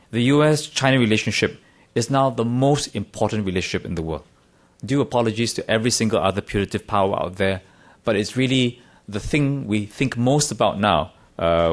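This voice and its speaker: A middle-aged man from Singapore giving a conference talk in a wry, self-deprecating way, with emphatic stresses. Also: on the low side. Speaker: conference speaker. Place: conference room.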